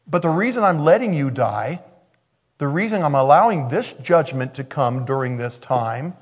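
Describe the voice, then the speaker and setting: A man preaching a sermon, telling stories in an animated way and acting out the voices in them. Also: fairly high pitch, moderate pace. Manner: animated storytelling, acts out quoted voices.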